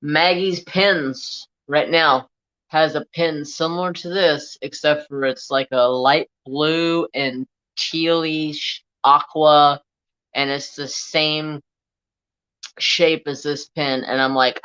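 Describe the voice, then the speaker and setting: A man hosting a crafts livestream in casual chat, slow and chatty, a bit teary and sniffly, at home with a fan blowing. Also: a little high, steady tone, pushed and bright, clean tone. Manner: slow, chatty, humming to himself. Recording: dull lo-fi stream audio.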